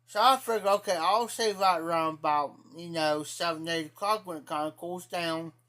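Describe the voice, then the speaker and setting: A man's voice: fairly high pitch, normal speed, pushed and bright. A man with an Ohio accent telling a rambling, profane story to his live-stream chat in a casual way. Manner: rambling, profane, repeats himself.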